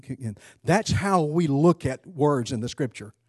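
A man's voice: a little high, expressive, a little slow, hardly any pauses, darkish tone, breathy edge, no room sound, studio quality. A man leading an interactive Bible study, speaking conversationally, asking the class questions and restarting phrases as he goes.

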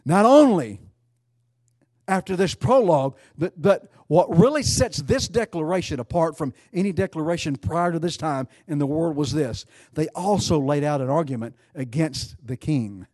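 Emphatic preacher, higher-pitched man. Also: normal speed, hardly any pauses, a little mellow, no room sound, clean studio sound. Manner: emphatic, repeats phrases for effect. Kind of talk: sermon.

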